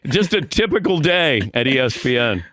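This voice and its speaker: A man telling animated anecdotes as a podcast guest, acting out the voices of the people in his stories. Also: mid-range voice, moderate pace, dry recording, studio quality. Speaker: podcast guest, veteran sportscaster. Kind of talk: casual storytelling.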